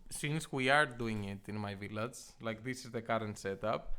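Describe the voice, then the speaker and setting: A man's voice: lowish voice, moderate pace, bright, forceful tone, clean tone. A man co-hosting a casual podcast chat, talking in a blunt, teasing way and swearing casually.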